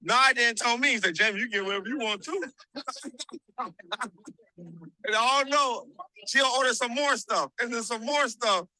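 A man's voice: very high voice, moderate pace, long pauses, no room sound, rough recording. A man co-hosting a podcast, telling stories in casual chat, laughing and acting out what people said. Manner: animated, laughing, acts out quotes. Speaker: podcast co-host. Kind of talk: casual storytelling.

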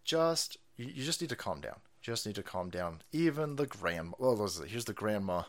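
A man's voice: lowish voice, very animated, normal speed. A man giving sarcastic, foul-mouthed live-stream commentary in a mocking, ranting manner.

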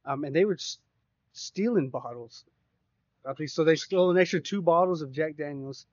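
A podcast co-host with a slightly high voice tells a wandering, expletive-laden story at a moderate pace, casual and animated. No echo is present, and the sound is dry and slightly dull.

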